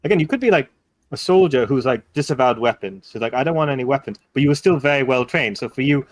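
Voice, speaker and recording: A young man with an Indian English accent, running a casual tabletop game session as dungeon master. He rambles through ideas with lots of "like" and restarts, and adds quick jokes. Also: medium pitch, lively intonation, no echo.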